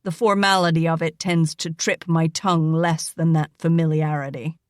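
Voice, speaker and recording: A woman doing a gruff wounded army doctor. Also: low voice, flat delivery, moderate pace, no echo, studio quality, natural voice. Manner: gruff, curt.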